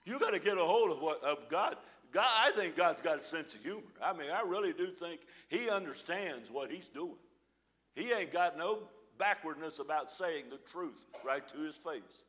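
A man preaching a sermon, reading scripture aloud with dramatic pauses and explaining it in a folksy, informal way. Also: on the high side, lively intonation, a bit bright. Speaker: pastor.

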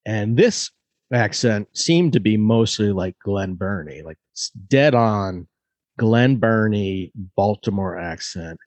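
A man's voice: on the low side, animated, slow, darkish tone, no echo. A man from Maryland telling stories in casual chat, swearing freely and talking with relish. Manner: profane, enthusiastic storyteller.

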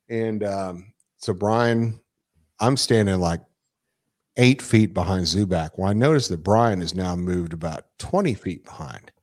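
A man chatting casually, telling a long anecdote in a rambling way, swearing freely and restarting his sentences often. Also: lowish voice. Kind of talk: casual chat.

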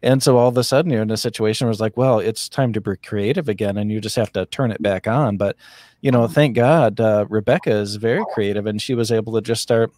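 Man, podcast host, low voice, dry close sound, rambling jokey talk. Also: fast talker, a little mellow, no echo. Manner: rambling, repetitive joking. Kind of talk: casual chat.

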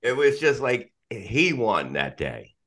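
A man's voice: mid-range voice, very animated, takes it slowly, a bit bright. A middle-aged man chatting casually as a podcast guest, rambling and swearing, restarting sentences and laughing often.

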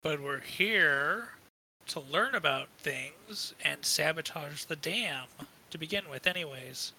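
A man's voice: a little high, lively intonation, sharp tone, slight background noise, rough recording. A man playing a tabletop role-playing game, joking around and filling in his group. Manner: joking, quick to laugh. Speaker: player. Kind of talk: tabletop role-play banter.

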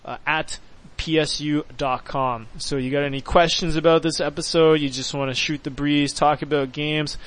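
A man's voice: a little high, fairly even intonation, a bit bright, poor audio. Upbeat joking male podcast host. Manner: upbeat, joking, drawn-out sign-off. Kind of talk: casual podcast chat.

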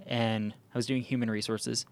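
A man's voice: medium pitch, flat delivery, normal speed. A man hosting a podcast, telling a hiking story in casual chat, with lots of "um" and "like" and frequent restarts. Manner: rambling, many fillers and restarts. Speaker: podcast host.

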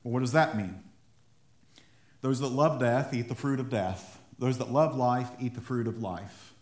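A man's voice: mid-range voice, unhurried. A man preaching a sermon in a conversational way, acting out little quotes and building to fired-up emphasis. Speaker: pastor. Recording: echoey room.

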